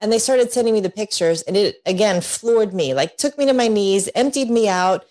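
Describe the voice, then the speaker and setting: A middle-aged woman telling her personal story as a guest, lively and laughing often, acting out voices when she quotes people. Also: mid-range voice, normal speed. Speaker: guest, divorce coach.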